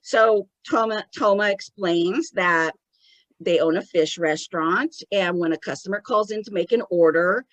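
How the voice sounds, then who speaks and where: A woman podcast co-host recapping a show in casual chat, an animated storyteller. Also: fairly low pitch, unhurried, rough recording. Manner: animated storyteller, acts out quotes.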